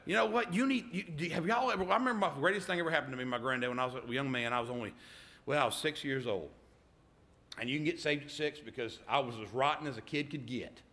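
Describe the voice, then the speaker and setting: A man's voice: medium pitch, fast, bright, forceful tone. A middle-aged man preaching a sermon, often stopping to ask "amen?" of the congregation. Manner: emphatic call-and-response, repeated "amen?".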